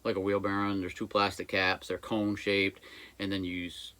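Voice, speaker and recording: A man's voice: sits low, little pitch movement, normal speed, sharp tone. Folksy man talking through a repair. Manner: folksy, rambling, jokey asides. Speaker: small engine repair shop owner. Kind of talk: casual workshop how-to talk. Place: workshop by a busy road.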